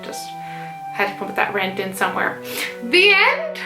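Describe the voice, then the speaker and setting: A woman's voice: mid-range voice, monotone, normal speed. A young woman, a mezzo-soprano, giving a casual, chatty plot summary full of fillers and asides. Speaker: mezzo-soprano explaining an opera. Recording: roomy room with background music.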